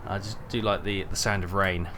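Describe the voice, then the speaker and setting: A man's voice: low voice, steady tone, fairly quick, noisy background. A man streaming a truck driving game, rambling chattily and greeting viewers by name while he drives. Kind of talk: casual live-stream chat while driving.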